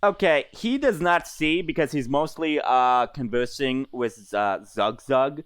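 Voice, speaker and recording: A man's voice: mid-range voice, unhurried, smooth, no echo. A man running a tabletop game as game master, talking in a hesitant way with many fillers and restarts.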